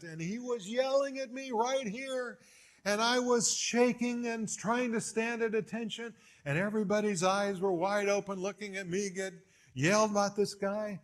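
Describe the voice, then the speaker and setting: A man preaching a sermon, telling stories with big swings in pitch and loudness. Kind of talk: sermon with storytelling.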